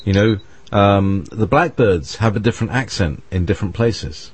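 A man's voice: fairly low pitch, normal speed, slightly rough. A British man talking in a rambling, hesitant way, with many restarts and fillers. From Britain. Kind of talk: casual conversation.

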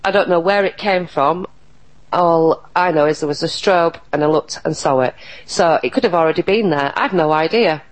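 A woman speaks as an interview guest in a low register. She talks earnestly and emphatically, often stopping and restarting her sentences. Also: normal speed, low-quality recording. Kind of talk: casual interview talk.

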